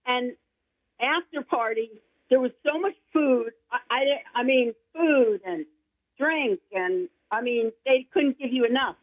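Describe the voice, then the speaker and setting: A woman guest singer-songwriter chatting in an interview, gushing and rambling with excitement. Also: a little high, slow pace, no room sound. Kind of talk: casual interview chat. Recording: tinny phone line, dry.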